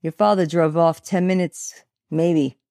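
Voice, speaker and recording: Blunt nosy old neighbor lady in a book reading , put on by a woman, pitched a bit higher, dry close sound. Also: steady tone, measured pace, warm tone, no echo. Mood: scolding. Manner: blunt, calling down from a window. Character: nosy older Italian-American woman neighbor.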